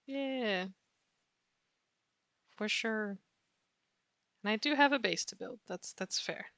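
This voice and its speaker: A woman chatting casually with viewers while she sketches on a livestream, answering chat warmly and laughing often. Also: mid-range voice, slow pace, no echo. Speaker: art streamer.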